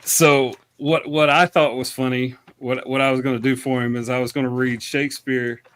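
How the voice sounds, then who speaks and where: A relaxed man with a Southern country twang, chatting on a podcast. He swears easily and laughs a lot, recorded close and dry with hardly any room sound. His pitch sits in the middle of the male range. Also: normal speed, clear, resonant tone, no room sound. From Texas. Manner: laid-back, swears freely, laughs often. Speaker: podcast co-host. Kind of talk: casual chat.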